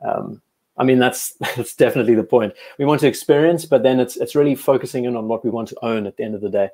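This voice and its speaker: Mellow-voiced South African man chatting. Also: mid-range voice, fast talker. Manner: chatty, enthusiastic, frequent restarts. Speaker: live-stream host. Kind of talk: casual live-stream chat reading viewer comments.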